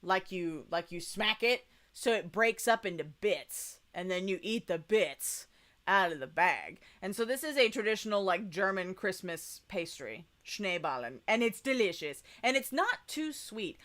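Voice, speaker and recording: A woman's voice: on the low side, animated, moderate pace, a bit bright. A young woman chatting casually in a travel vlog voice-over, rambling with lots of fillers. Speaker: vlogger.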